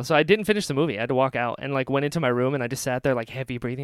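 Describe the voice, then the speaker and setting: A young man in his twenties co-hosting a podcast, breathless and emotional as he tells his story, with frequent sighs. His voice is smooth and clear, recorded close and dry. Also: mid-range voice, rapid-fire, few pauses, no room sound. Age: 20s. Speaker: podcast co-host. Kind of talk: casual chat.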